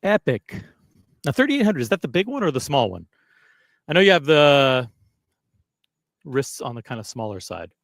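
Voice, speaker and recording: A man's voice: medium pitch, very animated, moderate pace, vocal fry, long pauses, a bit bright, no room sound. Male livestream host, casual and rambling, self-mocking, dry close sound. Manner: rambling, self-deprecating, chatty with viewers. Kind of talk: casual live-stream chat.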